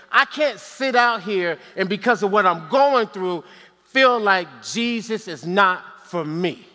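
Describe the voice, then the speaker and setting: A man's voice: sits high, pushed and bright. A man preaching a sermon from the pulpit, calling for responses from the congregation and slipping in joking asides. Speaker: pastor. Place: church sanctuary. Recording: long church hall reverb.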